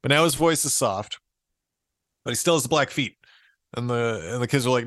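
A man in a casual podcast chat, retelling an old fairy tale with frequent amused laughs. His voice sits at an ordinary middle pitch, and the recording is dry and close, with no room sound. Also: a little fast, pauses often, fairly bright tone, dry recording. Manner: amused, laughs often while reading. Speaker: podcast co-host.

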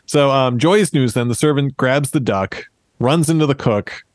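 A man's voice: medium pitch, moderate pace, no room sound. A man in his thirties casually retelling a fairy tale on a podcast, with jokey asides and laughs. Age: 30s. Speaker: podcast host. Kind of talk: casual storytelling chat.

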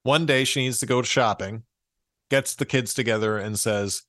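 A man in a casual podcast chat, retelling an old fairy tale with frequent amused laughs. His voice sits at an ordinary middle pitch, and the recording is dry and close, with no room sound. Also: normal speed, fairly bright tone, no echo. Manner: amused, laughs often while reading. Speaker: podcast co-host.

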